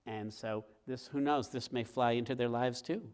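A middle-aged author talking with a host before a live theater audience, telling stories in a lively way and acting out scenes. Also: male voice, mid-range voice, moderate pace, clean tone. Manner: lively, acts out scenes with sounds and quoted voices. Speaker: author guest. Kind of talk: animated storytelling in conversation.

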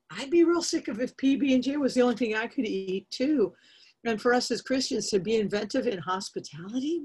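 A woman's voice: mid-range voice, a little mellow. A woman in a casual church group discussion, candid and anecdotal, with many fillers, heard over a video call.

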